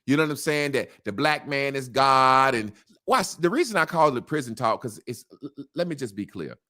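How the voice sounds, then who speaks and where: A man's voice: mid-range voice, expressive, brisk, sharp tone. A man as an interview guest, talking in a casual, emphatic way with slang and repetition.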